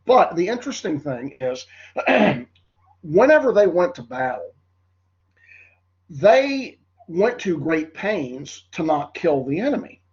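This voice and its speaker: A man's voice: on the high side, big pitch swings, slow, pauses often, a little mellow, breathy edge, lo-fi sound. Nasal congested male teacher lecturing. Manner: rambling, filler-heavy, addresses class as folks. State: congested, voice cracking. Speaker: history teacher. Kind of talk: classroom lecture.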